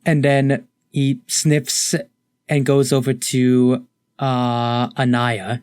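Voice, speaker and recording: A man narrating as game master of a tabletop game, relaxed and storytelling, slipping lightly into the gods' lines. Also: mid-range voice, extremely slow, clean tone, no echo, clean studio sound.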